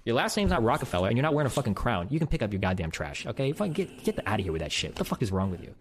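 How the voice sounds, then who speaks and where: A man's voice: mid-range voice, sing-song, racing, slight background noise. A man streamer ranting heatedly and profanely to his audience.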